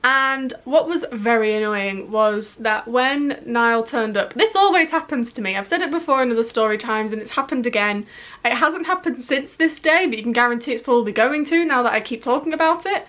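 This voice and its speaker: A woman's voice: a little high, animated, fairly quick, a bit bright. A woman in her twenties with a Yorkshire accent, telling a chatty, rambling storytime vlog with lots of fillers. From northern England. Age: 20s. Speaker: vlogger.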